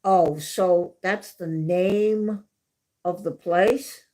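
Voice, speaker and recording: A woman with a fairly low, mellow voice hosts a livestream from home, speaking extremely slowly. She tells stories in a chatty, casual way and repeats herself for emphasis.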